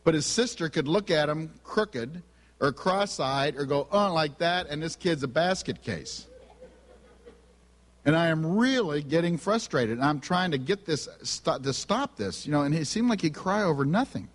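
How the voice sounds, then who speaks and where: A man's voice: a little high, lively intonation, moderate pace. Man telling family stories in a reverberant hall. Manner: humorous storytelling, acts out family dialogue. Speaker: speaker on family and spiritual gifts. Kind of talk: sermon with personal stories. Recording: long reverb of a large hall.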